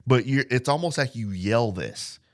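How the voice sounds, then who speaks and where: A man preaching a casual podcast sermon into a mic, earnest and reflective, repeating phrases and reading scripture slowly. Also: medium pitch, animated. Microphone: studio mic.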